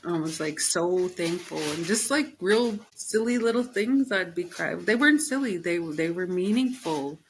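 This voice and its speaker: A middle-aged woman, a podcast guest, chatting casually and telling animated stories, acting out her own quoted words with many fillers and easy laughter. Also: lowish voice, moderate pace, few pauses, slight background noise, rough recording. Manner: frequent fillers, laughs easily. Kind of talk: casual interview chat.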